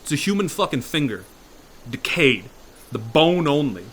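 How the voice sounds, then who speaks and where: Guy telling a scary story off the cuff, kinda high, swears a lot, faint ambience behind. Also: very animated, moderate pace, slight background noise. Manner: casual, profane, swings from hushed to loud. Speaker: improv storyteller. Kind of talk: improvised horror storytelling. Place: virtual reality chat room.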